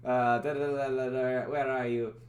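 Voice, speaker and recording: A man's voice: mid-range voice, little pitch movement, moderate pace. A man streaming live, chatting casually and rambling, doubting himself and laughing at his own attempts. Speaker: streamer making a game. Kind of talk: casual livestream chat.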